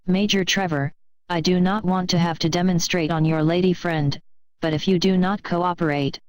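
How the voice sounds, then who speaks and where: Woman doing a cold formal nazi colonel, german accent, low-ish voice, dry sound. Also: fairly even intonation, moderate pace, dry recording, natural voice, poor audio. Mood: menacing. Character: menacing male Nazi colonel interrogator.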